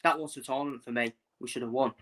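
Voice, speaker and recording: A man's voice: medium pitch, fairly even intonation, fast, fairly bright tone. A man from England ranting casually about football in a blunt, repetitive way, previewing matches for his channel.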